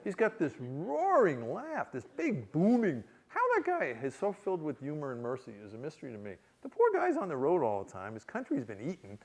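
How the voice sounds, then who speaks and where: A man's voice: a little high, huge pitch swings, a little fast, hardly any pauses, darkish tone. A man, an author telling a comic, self-mocking story to an audience with frequent restarts. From New York City, USA. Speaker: author giving a public reading.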